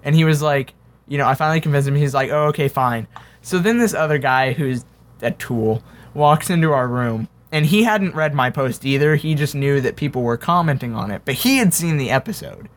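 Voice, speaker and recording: A young man with a slightly high voice tells a story in casual chat. He throws himself into the quotes, acting out each voice as he goes. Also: brisk. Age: young adult. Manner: animated storyteller, acts out quotes.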